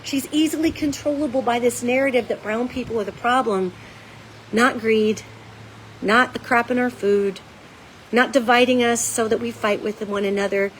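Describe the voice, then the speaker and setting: A woman's voice: fairly high pitch, a little hiss or hum, low-quality recording. A woman host giving an urgent, emphatic monologue straight to her viewers, folksy and blunt, with casual swearing. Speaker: psychic commentator and show host. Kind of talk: direct-to-camera monologue.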